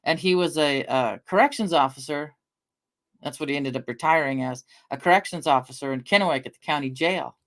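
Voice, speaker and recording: A woman's voice: deep voice, brisk. Middle-aged woman rambling through stories. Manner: rambling storyteller, swears casually, talks to chat. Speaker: livestreamer. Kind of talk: casual livestream chat.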